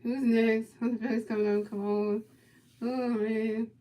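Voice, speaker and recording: A woman's voice: on the high side, flat delivery, measured pace, mellow. A woman hosting a livestream, giving amateur play-by-play commentary in eager, repetitive, rambling calls. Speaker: livestream host.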